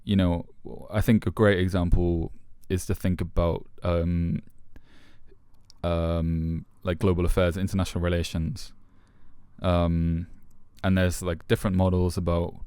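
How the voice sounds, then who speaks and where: A man co-hosting a podcast, talking through a philosophy book in a thoughtful, halting way with many fillers. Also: low-pitched, little pitch movement, mellow, clear, resonant tone, no room sound, studio quality. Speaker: podcast co-host. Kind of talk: casual book discussion.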